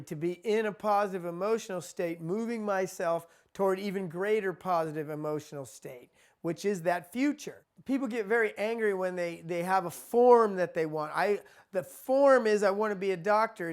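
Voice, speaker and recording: A man teaching a spiritual lesson in a conversational, repetitive way. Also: sits high. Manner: conversational, repeats himself, acts out quoted people.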